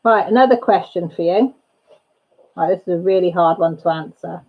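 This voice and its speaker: A fairly low, slightly rough female voice comes through dull audio at a normal speed. She's the host of a casual home crafting livestream, talking in a chatty, wandering way and frequently stopping herself mid-thought.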